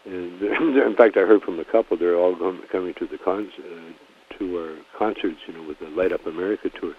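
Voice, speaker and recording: A man's voice: deep voice, moderate pace, a little hiss or hum. A man, a comedian guest in a casual phone interview, talking in a rambling, laid-back way full of restarts and "you know". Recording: tinny phone line.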